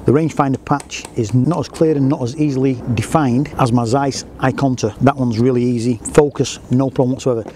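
A man's voice: medium pitch, fairly even intonation, brisk, few pauses, warm tone, a little hiss or hum. A man who works as a photographer, talking in a casual, enthusiastic vlog and often restarting his sentences. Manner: chatty and enthusiastic, with frequent restarts.

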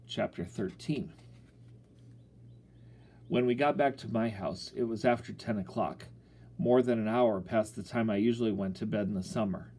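A man's voice: fairly low pitch, moderate pace, long pauses, a little mellow, slightly rough. A man narrating a first-person children's story in a folksy, boyish storytelling manner. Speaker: audiobook narrator.

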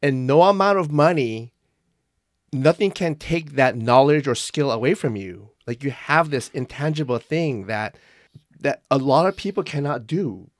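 A man co-hosting a podcast, speaking in a reflective, measured way. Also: medium pitch, lively intonation, no echo, clean studio sound. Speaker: podcast co-host. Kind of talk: casual podcast conversation.

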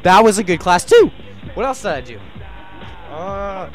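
Rambling high-voiced young man. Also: big pitch swings, measured pace, long pauses, faint music behind, low-quality recording. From Canada. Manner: rambling, crude, laughing at his own stories. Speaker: livestreamer. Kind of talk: casual storytelling chat.

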